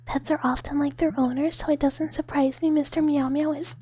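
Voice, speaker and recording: A woman streamer doing a whispered role-play, chatting softly with viewers in a breathy whisper and giggling often. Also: sits high, level tone, brisk. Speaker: ASMR streamer.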